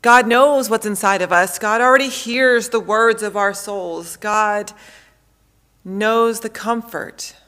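A woman in her thirties, a pastor preaching a sermon in a measured way, repeating phrases for emphasis. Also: medium pitch, pushed and bright.

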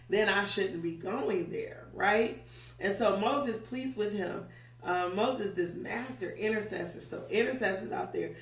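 A woman teaching a Bible study in a conversational way, often checking in with "right?". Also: medium pitch. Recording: roomy, distant mic.

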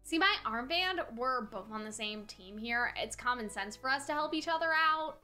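A woman's voice: a little high, animated, moderate pace, pushed and bright, pitched below the performer's own voice. Lady doing a sly chill teen boy, teasing, faint music behind. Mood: easygoing.

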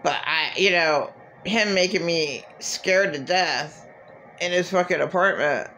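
A woman's voice: fairly low pitch, unhurried, pushed and bright, a little hiss or hum. A woman vlogger venting in a rambling, agitated, profane monologue.

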